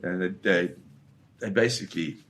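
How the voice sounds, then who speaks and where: An older man, a war photographer, recounting a dramatic story in an interview with vivid, halting restarts. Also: low voice, fairly bright tone, a little hiss or hum.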